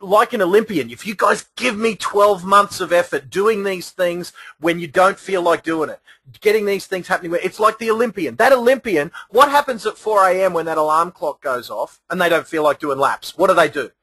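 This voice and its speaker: An Australian man hosts a training webinar with a keen, promotional energy. His voice is husky yet bright, pitched fairly high, and it sounds close and dry. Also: fairly quick, no echo. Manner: enthusiastic, promotional. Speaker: host, sales trainer. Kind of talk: hosting a webinar.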